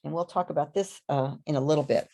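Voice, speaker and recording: Giving a live lecture online via video call, this woman presents a webinar in a halting way, often saying um and restarting. She speaks in a low, mellow voice.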